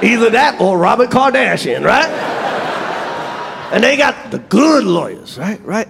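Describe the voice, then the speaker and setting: A middle-aged man performing a profane, animated stand-up routine and acting out other people's voices. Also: sits high, moderate pace, creaky, a little hiss or hum. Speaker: stand-up comedian. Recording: long reverb of a large venue, faint ambience.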